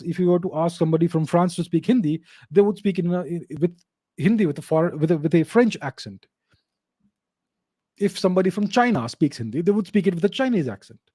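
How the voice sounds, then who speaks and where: A man hosts a solo question-and-answer show, speaking casually but with firm, emphatic certainty. His voice sits somewhat high yet sounds mellow and dark in tone. The recording is dry and close, with no room sound. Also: dry recording. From India. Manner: assertive, emphatic, repeats points for stress. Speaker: host answering viewer questions.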